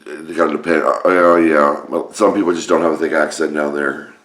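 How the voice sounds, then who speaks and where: Low-voiced rambling man with a Roanoke accent. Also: level tone, a bit bright. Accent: Roanoke, Virginia. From Roanoke, Virginia. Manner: rambling, halting, many restarts. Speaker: vlogger. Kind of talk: casual spoken monologue. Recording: roomy echoey room.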